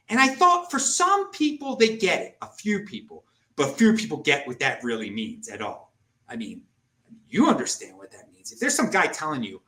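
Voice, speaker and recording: Excitable, animated man with a bright voice. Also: fairly high pitch, normal speed. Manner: animated, excitable, many restarts and stammers. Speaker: podcast host. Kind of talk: casual chat. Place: Salt Lake City area, indoors.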